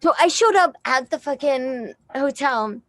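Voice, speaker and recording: Young woman guest, Texas-raised, unhurried and rambly, dry close sound with soft music under. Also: high voice, animated, dry recording. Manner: rambling, filler-heavy, swears, laughs often. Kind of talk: casual storytelling.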